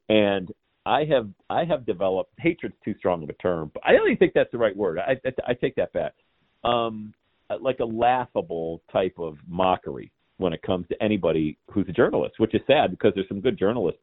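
A man in his forties, a podcast guest, ranting in an animated, scornful way in casual chat. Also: sits low, no room sound. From Cincinnati area, Ohio. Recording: tinny phone-like line.

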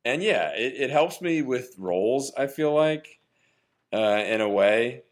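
A man's voice: mid-range voice, expressive, unhurried. A man in his thirties, an actor from New Jersey, telling stories in an upbeat, chatty way on a podcast. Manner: upbeat, chatty storyteller with fillers. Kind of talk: casual interview storytelling.

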